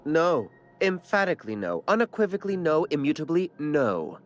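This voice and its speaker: A man's voice: a little high, sing-song, normal speed. An actor voicing a fussy, condescending male corporate bureaucrat in a video game, with a prim, theatrical delivery. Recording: soft game music behind.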